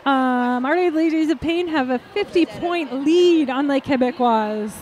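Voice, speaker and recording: A woman announcing roller derby live, excitable and gushing. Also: high-pitched, a little slow. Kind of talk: live sports commentary.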